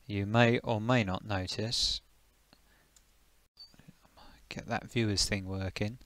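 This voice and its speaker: A man's voice: on the low side, steady tone, slow, fairly bright tone, dry recording. A man casually chatting on a live stream, greeting viewers by name and thinking aloud as he tweaks his settings.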